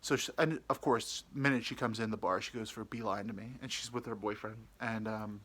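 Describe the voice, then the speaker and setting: Male podcast host, casual storyteller, bright sharp tone, rambling and frank. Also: fairly low pitch, steady tone, fairly quick, slight background noise. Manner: rambling, frank and crude, lots of fillers.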